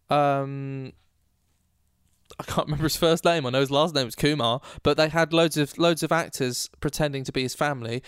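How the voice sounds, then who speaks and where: A man co-hosting a podcast who jokes in a dry, deadpan way. His voice is smooth and clear. It is recorded close and dry, with no room sound. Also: a little high, dry recording. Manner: deadpan joking, teasing. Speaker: podcast co-host, musician. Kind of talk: casual podcast chat. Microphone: remote recording, close mic.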